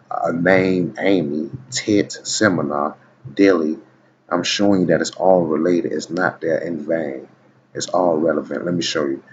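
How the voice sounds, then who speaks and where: Deep low guy reading word definitions off a page, keeps going "watch this", dull muffled audio w/ faint hiss. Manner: keeps urging the listener to watch and keep listening. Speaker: video blogger. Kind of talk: reading dictionary entries aloud with casual asides. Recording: dull lo-fi recording with faint background noise.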